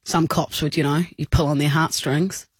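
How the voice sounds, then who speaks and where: Male co-host, high pitch, jokey, dry studio sound. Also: little pitch movement, moderate pace, slightly rough, no room sound. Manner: jokey, playful, mock-dramatic. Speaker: radio co-host. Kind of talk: breakfast radio banter. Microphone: studio microphone.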